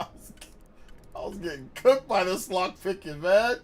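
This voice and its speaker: Giggly high-voiced male streamer. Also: expressive, normal speed. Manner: laughs often, rambling, restarts. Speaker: game streamer. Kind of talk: casual live-stream chat.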